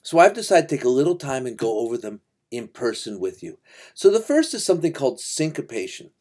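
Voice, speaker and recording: A middle-aged male music teacher explains rhythm in an easygoing, conversational lecture. He sings rhythms out loud as he goes. His voice is warm and mellow at a medium pitch. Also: brisk. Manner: relaxed and chatty, sings rhythms aloud. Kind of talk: informal lecture.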